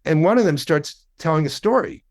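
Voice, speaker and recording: Podcast guest: man in his sixties, slightly high voice, casual, wry storyteller. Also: animated, a little fast, a little mellow. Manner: wry, conversational, with occasional swearing.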